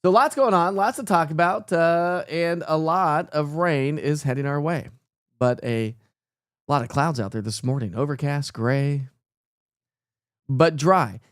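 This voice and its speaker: A man's voice: a little high, measured pace, no room sound, clean studio sound. A middle-aged man, hosting a casual live weather stream and greeting viewers by name. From East Tennessee.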